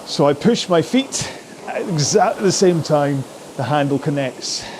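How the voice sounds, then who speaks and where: A man's voice: fairly high pitch, lively intonation, measured pace, background noise. A man giving chatty, jokey, encouraging instructions while he rows along on a rowing machine. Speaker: rowing coach. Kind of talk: follow-along workout instruction.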